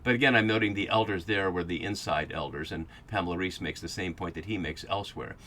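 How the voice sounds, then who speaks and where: A fast-talking man with a low, bright, forceful voice lectures on the Bible for his podcast, with a little hiss or hum in the recording. He reasons through passages aloud, stumbling into fillers and restarts along the way.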